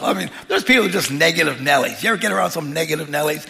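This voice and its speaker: A male pastor preaches in a loose, conversational way and slips humorous asides into his sermon. His voice sits a little high, with a sharp, forceful edge and a gravelly rasp. A long reverb from a large church hall trails after each phrase. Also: animated, fast talker, hardly any pauses.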